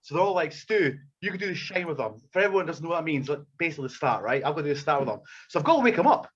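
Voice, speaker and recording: A man's voice: a little high, rapid-fire, husky, dull audio. A man, a wrestler telling backstage stories in casual, profane chat and acting out the people in them. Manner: profane, animated storyteller acting out quotes. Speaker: wrestler and podcast regular.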